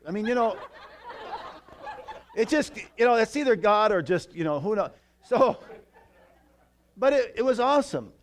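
A man preaching a sermon in a church, telling a story with lively asides to the congregation. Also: a little high. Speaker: pastor.

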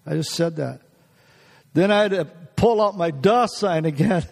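High-voiced man preaching in a reverberant hall. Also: expressive, moderate pace, vocal fry. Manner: folksy, laughing often, many restarts. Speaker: guest preacher. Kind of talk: sermon with personal stories. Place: church.

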